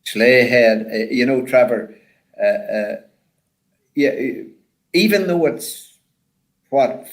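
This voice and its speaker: An older man, a former rally driver, telling stories in a rambling, animated way with lots of repeated words. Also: mid-range voice, slow, pauses often, rough recording. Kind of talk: casual storytelling chat.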